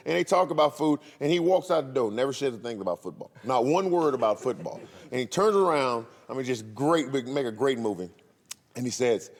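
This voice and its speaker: Middle-aged guy, ex-player, animated story with voices, echoey hall sound. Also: medium pitch. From Arkansas, USA. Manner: animated, laughing, acts out voices in his anecdote. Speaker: former player. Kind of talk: storytelling on a reunion panel.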